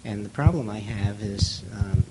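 A man's voice: fairly low pitch, moderate pace, very noisy. A man in the audience sharing his thoughts in a group discussion, hesitant and searching for words. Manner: hesitant, full of fillers and restarts. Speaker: audience member.

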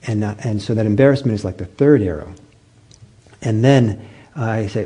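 Male meditation teacher, gentle and halting, slightly husky voice. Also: lowish voice, lively intonation. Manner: gentle, halting storytelling with many fillers and restarts. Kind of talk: dharma talk.

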